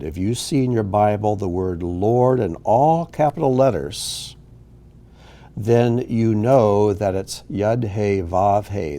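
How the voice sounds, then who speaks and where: A man's voice: on the low side, mellow. A man teaching a recorded Hebrew reading lesson, explaining patiently with fillers and small self-corrections.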